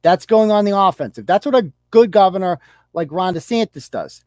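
A man's voice: high voice, lively intonation, moderate pace, a little mellow, no room sound, studio quality. Profane, heated male podcast ranter. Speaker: podcast host. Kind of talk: ranting political commentary.

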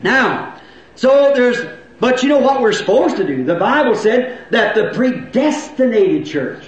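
A middle-aged man preaching a revival sermon to a congregation, in folksy rural grammar, asking questions and now and then breaking into shouts. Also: extremely high pitch, animated, unhurried. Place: church hall with congregation. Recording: very echoey old church recording.

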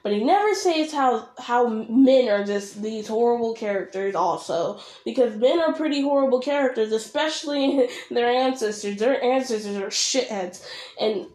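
A woman's voice: on the high side, expressive, moderate pace, darkish tone, roomy sound. A young woman ranting bluntly and sarcastically while she reacts to a video. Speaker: reaction vlogger.

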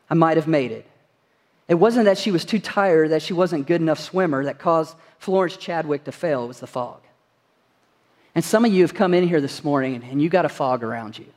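A man's voice: high voice, long reverb tail. A man preaching a sermon as pastor, earnest and full of rhetorical questions to the congregation. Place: church sanctuary.

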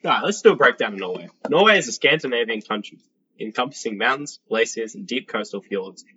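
A mid-pitched man eagerly quizzes his co-hosts during a casual podcast chat. The audio is dull and lo-fi. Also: lively intonation, quick pace, sharp tone, slightly rough. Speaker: podcast co-host.

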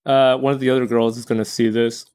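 Man, podcast co-host, casual chat, relaxed, laughs often, quick jokes. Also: medium pitch, smooth. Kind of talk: casual chat about manga.

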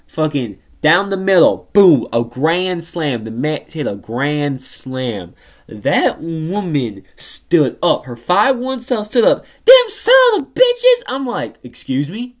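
A woman on a casual podcast, telling family stories and swearing freely. Her voice is low for a woman and swings widely up and down as she talks. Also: slow. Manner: animated, profane, laughs often. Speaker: podcast co-host. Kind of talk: casual chat, storytelling.

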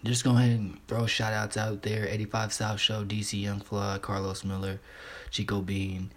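A man's voice: lowish voice, monotone, normal speed, a bit bright. A man hosting a casual solo podcast, talking in a laid-back, rambling, profane way, stuttering and restarting often. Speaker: podcast host.

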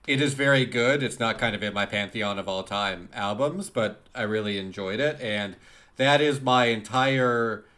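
A man's voice: fairly low pitch, moderate pace, sharp tone. A man co-hosting a music podcast, talking casually with frequent laughter and repeated words. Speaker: podcast co-host. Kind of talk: casual chat.

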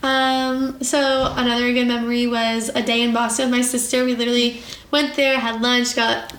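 A woman's voice: a little high, flat delivery, moderate pace, a loud crowd. A woman in her twenties co-hosting a podcast, telling stories in chatty, giggly casual talk. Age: 20s. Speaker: podcast co-host. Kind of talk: casual chat. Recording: echoey room, faint noise.

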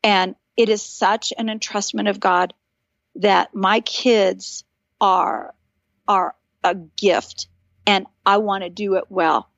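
A woman's voice: mid-range voice, slow pace, creaky, dry recording. Middle-aged woman, podcast guest, earnest storytelling, slightly dull lo-fi sound, dry room. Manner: animated storytelling, earnest and encouraging. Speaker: podcast guest, author and speaker. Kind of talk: casual chat.

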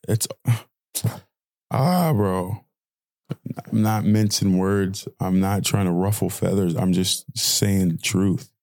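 A man's voice: lowish voice, vocal fry, warm tone, no room sound, studio quality. A young man hosting a podcast, delivering an impassioned audio-diary rant with lots of repeated phrasing. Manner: impassioned ranting, repetitive phrasing. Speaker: podcast host.

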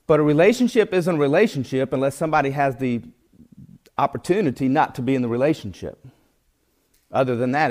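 A man's voice: mid-range voice, a little mellow. A man teaching through scripture in a sermon, reading verses aloud and telling folksy illustrations with earnest emphasis. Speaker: Bible teacher.

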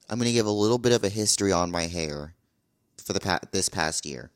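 A man's voice: lowish voice, expressive, moderate pace. A young man talking casually to camera in a vlog, blunt and exasperated, repeating his complaints. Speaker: vlogger.

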